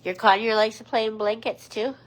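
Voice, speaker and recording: A woman hosting a casual livestream with her pet parrots, chatting with viewers and switching to high, sing-song baby talk for her birds. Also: flat delivery, brisk. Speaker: pet parrot channel host. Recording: loud background noise with bird clicks.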